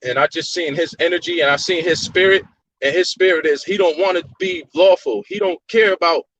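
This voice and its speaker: A man's voice: sits high, animated, fairly quick, vocal fry, fairly bright tone, a little hiss or hum. A man filming on his phone and arguing insistently with court staff, repeating his points. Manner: insistent, argumentative, repeats himself. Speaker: vlogger confronting court staff. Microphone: phone held by the speaker.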